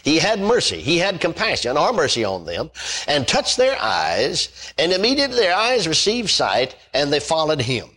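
A man's voice: a little high, wildly swooping pitch, normal speed, bright, forceful tone. A man preaching a sermon, reading scripture aloud and then expounding on it with emphatic repetition and exclamations of praise.

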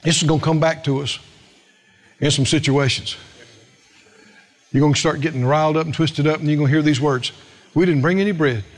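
A man's voice: on the high side, level tone, fairly quick, pauses often. A man preaching a sermon, telling stories with quoted voices and asking the congregation questions. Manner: storytelling with acted quotes, asks the congregation questions. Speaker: pastor.

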